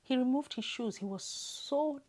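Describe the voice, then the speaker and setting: A woman's voice: high-pitched, a little slow, a little mellow. A woman from Zimbabwe telling a heartfelt personal story to camera, tearful and often dropping to a whisper. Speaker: vlogger.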